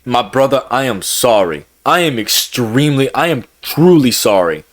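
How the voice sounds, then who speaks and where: A man's voice: medium pitch, very animated, moderate pace. A young man speaking emotionally to his vlog audience, repeating himself, heated at times and close to tears at others. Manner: emotional, repetitive, swings between heated and subdued. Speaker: YouTuber.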